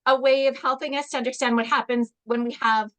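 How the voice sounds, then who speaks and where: A woman's voice: sits high, steady tone, fast, fairly bright tone. A woman coach hosting an online workshop over a video call, encouraging and reading out audience replies. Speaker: confidence coach, session host.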